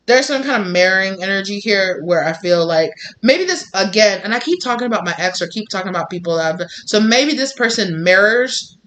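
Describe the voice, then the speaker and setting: Tarot reader for a casual video reading: bright tone, mid-pitched, talks bluntly with plenty of swearing. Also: animated, brisk. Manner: blunt and profane, acts out quoted people.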